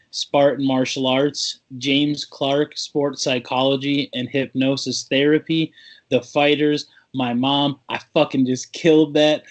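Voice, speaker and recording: A man co-hosting a casual talk show, trading playful insults with his partner. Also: medium pitch. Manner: playful trash-talking banter. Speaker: podcast co-host. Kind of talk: casual chat.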